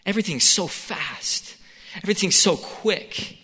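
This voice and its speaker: Man, preacher, conversational sermon, bright tone, long hall reverb. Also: high voice, expressive, measured pace, breathy edge. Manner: conversational, acts out the scene in quoted voices.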